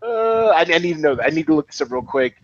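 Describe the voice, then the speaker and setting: A man co-hosting a podcast, talking about movies in an animated way and restarting his sentences often. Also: fairly high pitch, fast, dull audio. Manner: animated, excitable, many restarts. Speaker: podcast co-host. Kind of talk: casual film chat.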